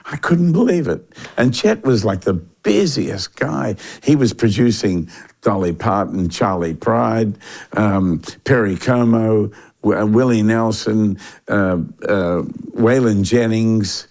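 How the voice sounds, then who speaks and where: An older man, telling a long story in a relaxed interview, with lots of fillers and restarts. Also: fairly low pitch. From Australia. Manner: animated anecdotal delivery with frequent fillers and restarts. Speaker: interview guest.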